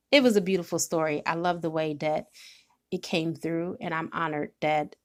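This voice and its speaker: Emotional woman giving a spiritual card reading. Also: lowish voice. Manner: emotional, storytelling, nearly tearful at times. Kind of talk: tarot reading monologue.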